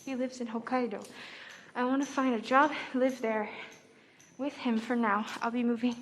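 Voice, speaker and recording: A woman's voice: a little high, fairly even intonation, moderate pace, a little hiss or hum. A woman livestreaming in casual chat, talking to her viewers and often dropping into whispers. She speaks into a phone held close to her face, first indoors and then out on city streets. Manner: chatty, talks to viewers, drops to whispers.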